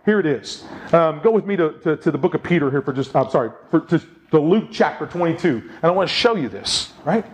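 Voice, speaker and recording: Give me a high-pitched man preaching, animated and dramatic. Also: fairly quick, few pauses. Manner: animated storytelling with rhetorical questions. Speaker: pastor. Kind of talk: sermon.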